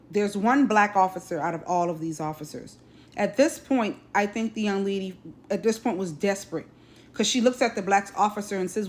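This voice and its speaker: A woman hosting a social video, retelling a news story in urgent, clipped phrases. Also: mid-range voice. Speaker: host.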